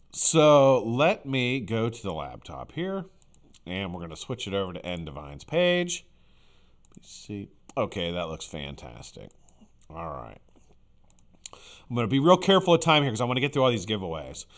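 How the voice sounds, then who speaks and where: A man's voice: mid-range voice, a bit bright. A man hosting a live stream in casual chat, rambling and blunt, with frequent fillers and some swearing. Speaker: livestream host.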